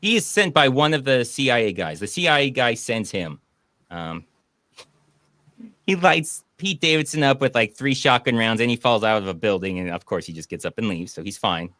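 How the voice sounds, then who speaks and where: A man hosts a casual online movie chat, talking over a video call. He rambles and gets animated retelling scenes, at a middle pitch. The sound is dry and close. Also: normal speed, no echo. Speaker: podcast host.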